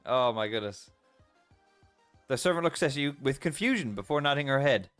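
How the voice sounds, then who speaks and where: A man's voice: medium pitch, lively intonation, moderate pace, fairly bright tone, smooth, dry recording, faint music behind. A man streaming a text adventure game, reading its story aloud and reacting playfully, often laughing.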